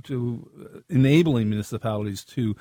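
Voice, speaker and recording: A man giving political analysis on a talk radio show, in a measured, analytical way. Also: mid-range voice, warm tone, dry recording. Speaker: political commentator.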